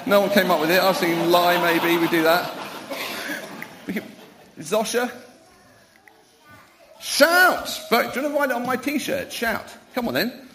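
Middle-aged pastor, high and lively voice, playful church talk for children. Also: male voice, slight background noise. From Wales. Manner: playful and animated, quizzing children and calling them up.

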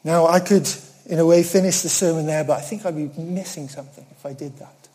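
High-voiced, mellow male preacher. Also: brisk. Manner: earnest, conversational, swings between loud emphasis and hushed asides; self-deprecating humor. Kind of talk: sermon.

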